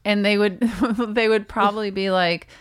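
A woman co-hosting a podcast, telling stories in a dry, deadpan casual chat. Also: mid-range voice, moderate pace, clear, resonant tone. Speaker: podcast co-host.

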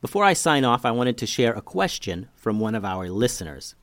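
A man hosting a children's story podcast, narrating with an animated, expressive reading on a close mic. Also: mid-range voice, a little fast, dry recording.

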